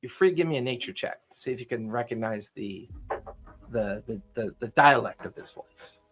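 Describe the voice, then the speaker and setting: Husky-voiced male game master. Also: mid-range voice, soft background music. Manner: relaxed, halting narration with repeats. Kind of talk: narrating a tabletop game.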